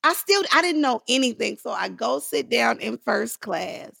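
Woman, middle-aged, high voice, gravelly, animated storyteller, dry close sound. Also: moderate pace, dry recording. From Los Angeles. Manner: animated, acts out voices in her stories. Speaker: guest actress. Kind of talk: storytelling interview.

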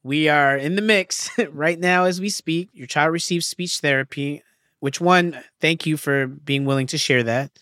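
A man hosting an interview podcast, asking questions in a warm, conversational way. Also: on the high side, a little slow, clean tone, no room sound, studio quality. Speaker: podcast host.

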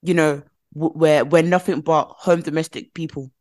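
A woman's voice: low-pitched, fairly even intonation, normal speed, a little mellow. A woman, co-hosting a podcast in casual chat, blunt and opinionated, often restarting her phrases as she talks. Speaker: podcast co-host.

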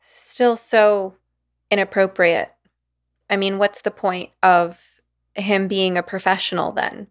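A woman of middle pitch hosts an interview, bringing a clinician's measured, reflective manner. Her voice carries a noticeable fry at the ends of phrases. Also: steady tone. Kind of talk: conversational interview.

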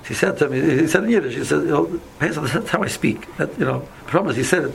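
A man's voice: on the high side, animated, quick pace, vocal fry, a little hiss or hum, low-quality recording. A man giving a casual Torah lesson, telling stories with many fillers and mixing in Hebrew and Yiddish terms. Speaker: yeshiva teacher.

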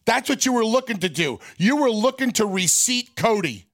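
A man's voice: high voice, lively intonation, a bit bright. A man co-hosting a talk radio show, accusing and needling his partner in heated banter. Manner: accusing, needling, drawn-out delivery.

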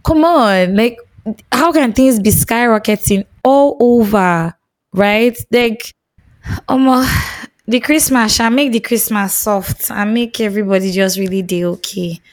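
A woman's voice: on the high side, unhurried, no room sound. A Nigerian woman co-hosting a podcast, talking expressively in a casual chat and mixing Pidgin phrases into her English. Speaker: podcast co-host.

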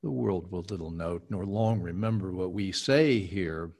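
A man hosting a coaching session, reciting a historic speech slowly and deliberately with emphatic consonants. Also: deep voice, darkish tone. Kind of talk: slow deliberate recitation and casual chat.

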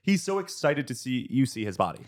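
A man's voice: medium pitch, sing-song, brisk. A young man from the States co-hosting a podcast, telling bawdy stories in a giggly, rambling casual chat. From United States. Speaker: podcast co-host.

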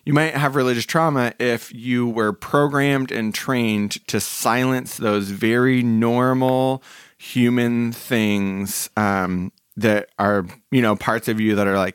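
A man's voice: medium pitch, fairly even intonation, slow pace, smooth, dry recording, clean studio sound. Hesitant man co-hosting a podcast. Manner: hesitant, mumbling, trails off. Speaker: podcast co-host. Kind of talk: casual chat.

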